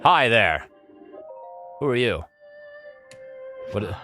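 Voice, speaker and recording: Playful, animated man streaming a game. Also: lowish voice, drawn-out words, soft background music. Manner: playful, animated, jokes with chat. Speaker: let's play streamer. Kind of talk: live-streamed gameplay commentary.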